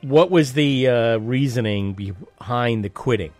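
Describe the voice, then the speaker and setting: A man hosting a podcast, chatty and animated, asking questions and swearing casually. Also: medium pitch, unhurried, faint music behind. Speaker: podcast host.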